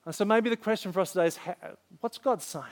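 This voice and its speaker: A man speaking as a pastor, earnestly leading an altar call and prayer in a church sanctuary, with soft drawn-out pauses. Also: sits high.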